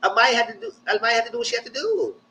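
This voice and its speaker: A young man, hosting a live reality TV recap in casual commentary with animated, exaggerated re-enactments. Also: extremely high pitch, very fast, poor audio.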